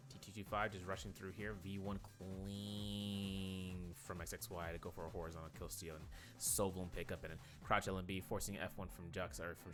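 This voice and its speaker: A low-voiced man calls an esports match play by play, firing off quick calls and then drifting into rambling asides packed with fillers.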